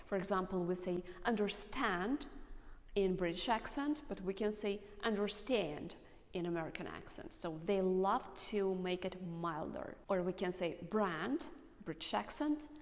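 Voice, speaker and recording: A woman English teacher explaining pronunciation to learners, speaking slowly and carefully and repeating example words. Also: mid-range voice, long reverb tail.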